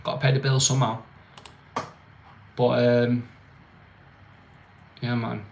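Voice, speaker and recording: A man's voice: mid-range voice, flat delivery, takes it slowly, gravelly, a little hiss or hum. A young man with a slangy, mocking manner, chatting casually on his own livestream. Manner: slangy, mocking, laughs often. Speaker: livestream host.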